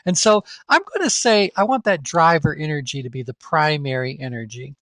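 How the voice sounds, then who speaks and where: A man's voice: a little high, animated, fairly quick, fairly bright tone, dry recording. A man leading a live online training session, talking through ideas with the class in a conversational, think-aloud way and asking them questions. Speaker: course instructor.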